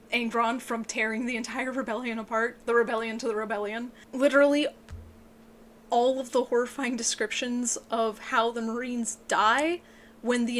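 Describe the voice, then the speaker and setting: An excitable woman giving an emotional, casual book review, swearing often and sounding tearful. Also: a little hiss or hum. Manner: excitable, swears a lot, voice breaks into high yelps.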